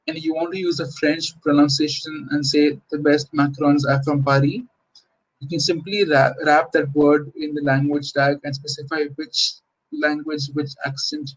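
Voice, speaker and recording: A man's voice: on the high side, breathy edge, low-quality recording. A young man presenting a conference tech talk in an informal, explanatory way, with frequent fillers and restarts. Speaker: conference speaker.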